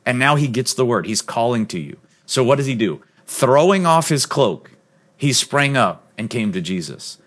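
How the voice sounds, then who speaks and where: A man preaching a sermon as pastor, earnest and emphatic, sometimes dropping to a soft, low voice. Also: sing-song, moderate pace. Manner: drops to a soft, low voice on key points.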